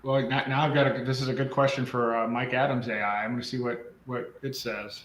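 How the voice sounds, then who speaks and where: A man's voice: mid-range voice, little pitch movement, fairly quick, a bit bright. Male host in an echoey room. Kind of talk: casual chat. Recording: echoey room with faint noise.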